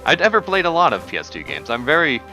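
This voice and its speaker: A man's voice: fairly high pitch, huge pitch swings, fast talker, sharp tone, soft background music. A man hosting a casual game playthrough, rambling and joking as he reads along. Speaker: let's play host. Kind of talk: casual gameplay commentary.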